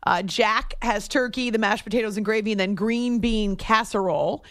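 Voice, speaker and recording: A woman's voice: medium pitch, normal speed, fairly bright tone, dry recording, studio quality. A woman from the Southern US hosting a talk radio show, chatting and laughing as she reads listener messages. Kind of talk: casual sports talk radio chat. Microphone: studio microphone.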